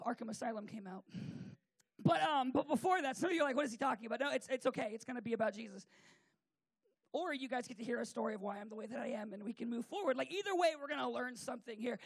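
A man's voice: very high-pitched, vocal fry, breathy edge, dry recording. A man preacher telling a rambling, joking story in a comic sermon, full of fillers.

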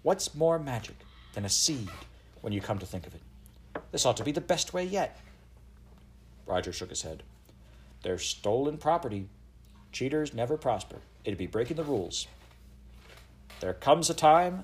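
An audiobook narrator with a medium-pitched, slightly rough male voice reads a children's novel aloud. He expressively voices each child's lines in this storybook read-aloud.

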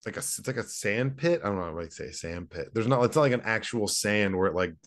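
Low-voiced man, laid-back podcast banter. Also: lively intonation, quick pace. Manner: laid-back, goofy, does silly voices. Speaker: podcast co-host. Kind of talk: casual podcast chat.

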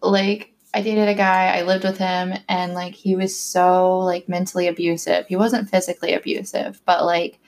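A woman's voice: fairly low pitch, little pitch movement, moderate pace, few pauses, a little mellow. A young woman in casual conversation, telling a personal story in a chatty way, full of "like" fillers and acted-out quotes. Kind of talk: casual chat.

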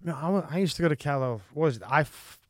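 A man's voice: a little high, quick pace, dry recording, studio quality. A man hosting a casual podcast chat, jokey, often stammering and restarting his sentences.

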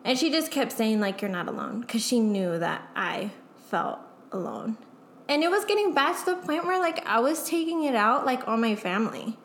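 A woman's voice: on the high side, animated, moderate pace, fairly bright tone. A young woman as a guest, speaking candidly and emotionally in a casual chat, full of "like" fillers and swearing. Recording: echoey room.

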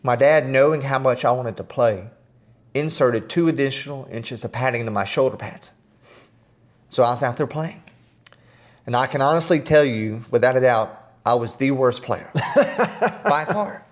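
A man's voice: mid-range voice, moderate pace, long pauses. Earnest middle-aged man telling stories. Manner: earnest, animated, self-deprecating humor. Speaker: guest. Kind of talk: storytelling in conversation.

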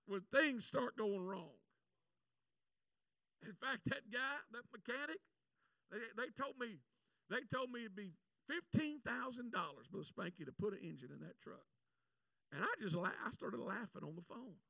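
A man preaching a sermon, telling a personal story with animated delivery and shouted prayers, heard from a distance. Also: extremely high pitch, normal speed, creaky, no room sound.

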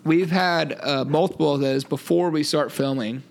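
A man's voice: on the high side, normal speed, gravelly. A young man co-hosting a casual podcast, talking in a laid-back, joking way with lots of fillers. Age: young adult. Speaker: podcast co-host. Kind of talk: casual chat.

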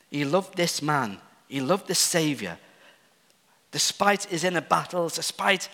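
Earnest male preacher in an echoing hall. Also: fairly high pitch. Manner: earnest, swinging from emphatic to hushed. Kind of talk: sermon. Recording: long reverb of a large hall.

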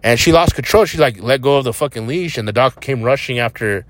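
A man's voice: medium pitch, animated, brisk, no echo. A young man from New Mexico hosting a podcast, rambling in a casual monologue from a parked vehicle, blunt, profane and defiant. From Albuquerque, New Mexico. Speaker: podcast host.

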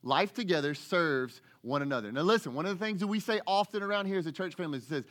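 A man, preaching a sermon as lead pastor, animated and acting out the voices of the people he talks about. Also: a little high, fast talker. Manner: animated preacher, acts out voices, rises to excited shouts.

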